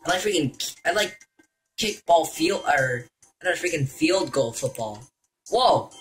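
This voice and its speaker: Bright-voiced young man narrating gameplay. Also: fairly high pitch, unhurried, soft background music. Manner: excitable, jokey, shouts and laughs at the game. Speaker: gaming YouTuber. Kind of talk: gameplay commentary.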